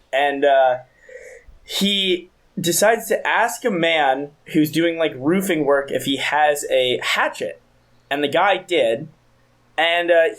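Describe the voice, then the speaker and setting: A man's voice: a little high, fairly bright tone. A young man in his twenties co-hosting a podcast, telling a rambling, profane story in casual chat. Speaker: podcast co-host.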